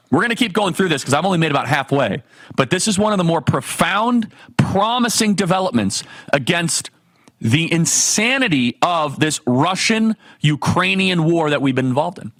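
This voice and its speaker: A man's voice: on the high side, dry recording. Emphatic man hosting a political talk show. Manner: emphatic, rhetorical questions, animated. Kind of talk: fiery political commentary monologue.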